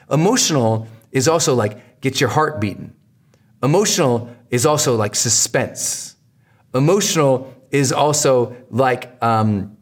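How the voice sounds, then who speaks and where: A man with a mid-range voice delivers a motivational lesson as a podcast host. He talks with bursts of energy and drives his points home by repeating them. His delivery is emphatic and coaching. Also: mid-range voice. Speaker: podcast host teaching marketing. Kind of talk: motivational teaching talk.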